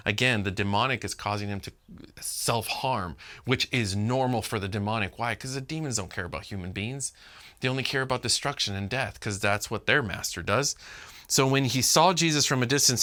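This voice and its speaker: A man preaching a sermon as pastor, animated and talking directly to his congregation. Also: mid-range voice, normal speed. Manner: animated, talks to the congregation, acts out quotes.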